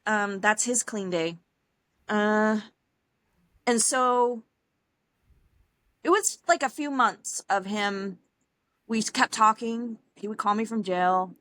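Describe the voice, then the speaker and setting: A young adult woman, a podcast guest, telling her personal story in a casual, animated way, acting out other people's lines with laughs and fillers along the way. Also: medium pitch, takes it slowly, pauses often, no room sound. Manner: animated, acts out quoted dialogue, frequent laughs and fillers.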